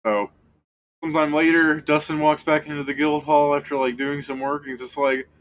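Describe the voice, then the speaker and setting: A man's voice: on the high side, fairly even intonation, a little fast. A man narrating a tabletop game as game master, jumping into character voices. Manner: voices characters with bursts of energy.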